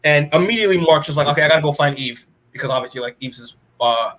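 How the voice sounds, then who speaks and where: Male podcast co-host, slightly higher voice, casual rambling recap full of "like", acts out dialogue. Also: fast, crowd noise. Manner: rambling, acts out characters' lines, many "like"s. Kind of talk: casual comic book recap.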